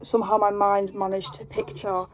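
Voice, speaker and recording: A young British woman telling a story in a casual vlog, rambling and animated, with lots of fillers. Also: medium pitch, normal speed. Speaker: vlogger.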